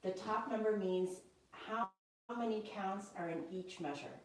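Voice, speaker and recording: A woman's voice: mid-range voice, unhurried, very echoey, distant mic, poor audio. A woman piano teacher giving a one-on-one lesson, patiently explaining step by step and checking that her student understands. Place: indoor room with a piano.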